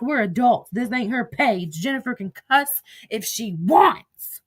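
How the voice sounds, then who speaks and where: A woman's voice: on the high side, expressive, moderate pace, fairly bright tone. Woman commentator, blunt and foul-mouthed, reads out text messages casually and breaks into sudden outbursts. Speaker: social media drama commentator.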